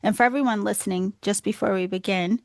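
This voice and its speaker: A woman's voice: medium pitch, steady tone, fast talker, a little mellow, dry recording, clean studio sound. A woman with a Boston accent hosting a podcast interview, effusive and full of praise for her guest. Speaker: podcast host.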